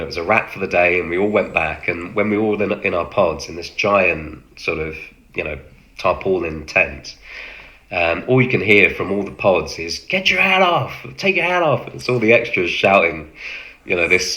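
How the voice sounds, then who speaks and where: Recounting his time as an extra on a film set, this man speaks haltingly and casually with many fillers, performing the quoted lines. His voice sits low with fairly even intonation and a sharp tone.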